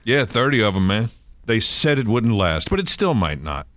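A man hosting a podcast, telling lively anecdotes in casual chat. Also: fairly low pitch, normal speed, no echo. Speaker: podcast host, radio personality.

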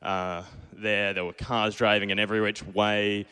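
Young australian man, lowish smooth voice, self-deprecating live storytelling, long reverb of a pub stage. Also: level tone, normal speed, sharp tone. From Perth, Australia. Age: 20s. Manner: self-deprecating, acts out his own past lines.

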